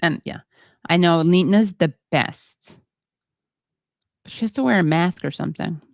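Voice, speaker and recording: A woman hosting a livestream, reading viewer comments in a rambling, halting way with many fillers and self-deprecating asides. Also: fairly low pitch, vocal fry, no room sound, studio quality. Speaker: show host.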